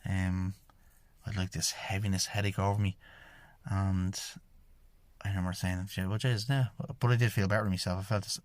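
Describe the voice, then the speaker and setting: A man's voice: low-pitched, level tone, moderate pace, no room sound. An Irish man, a shamanic healer, telling his own story in a rambling monologue that keeps repeating "I says" as he retells conversations. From Ireland. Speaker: podcast host, shamanic healer.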